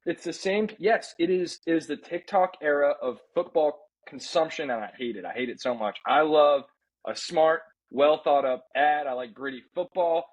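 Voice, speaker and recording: A man co-hosting a casual sports podcast, ranting in an animated way and slipping into mock impressions. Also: fairly high pitch, normal speed, poor audio. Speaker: podcast co-host.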